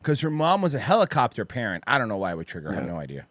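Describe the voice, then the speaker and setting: A man's voice: on the low side, wildly swooping pitch, racing, heavy background noise. A man hosting a podcast, ranting and mocking in crude comedic banter. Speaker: podcast host.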